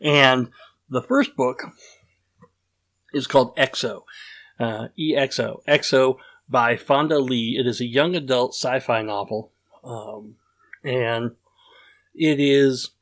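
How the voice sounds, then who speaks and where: A man's voice: medium pitch, steady tone, slow pace, pauses often, fairly bright tone. Male podcast host, casual and rambling, self-deprecating. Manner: rambling, self-deprecating, lots of fillers and restarts.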